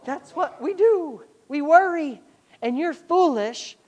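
A woman pastor preaching a sermon with a sarcastic, animated delivery. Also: high-pitched, slow pace.

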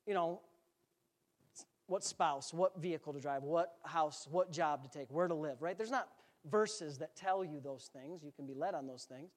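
Joking, conversational male pastor preaching. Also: high voice. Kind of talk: sermon. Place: church sanctuary.

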